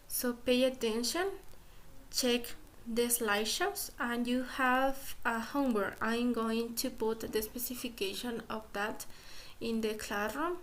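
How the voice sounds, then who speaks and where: Spanish-native woman teaching a recorded English grammar lesson, fairly high voice, very slow and deliberate, faint noise behind. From Ecuador. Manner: slow, deliberate explaining, repeats "okay" often.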